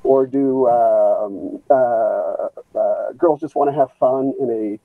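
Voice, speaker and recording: A man calling in over a video call, talking in a rambling, halting way with many restarts. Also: mid-range voice, no echo. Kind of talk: rambling casual chat. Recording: tinny phone-like call line.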